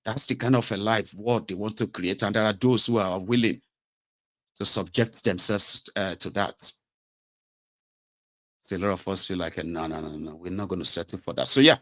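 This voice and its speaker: A man's voice: fairly low pitch, a bit bright. A man with a Nigerian accent giving impassioned political commentary, sarcastic and indignant, slipping into Pidgin and Yoruba phrases.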